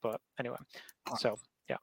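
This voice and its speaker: A man co-hosting a podcast, giving relaxed, conversational commentary with fillers. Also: moderate pace, dry recording. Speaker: podcast co-host. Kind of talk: casual chat.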